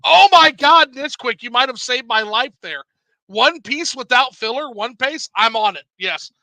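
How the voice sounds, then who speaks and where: Male streamer host, high and very bright, dry sound, animated and profane. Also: moderate pace, dry recording, low-quality recording. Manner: animated, swears freely, laughs often. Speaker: livestream host reading chat. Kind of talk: casual livestream chat.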